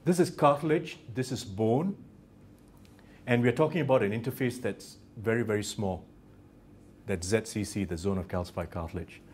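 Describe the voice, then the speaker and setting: A man with a New Zealand accent giving a university lecture, halting with many restarts and fillers and dropping in joking asides. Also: on the low side, a little mellow, slight background noise. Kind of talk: academic lecture. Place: lecture theatre.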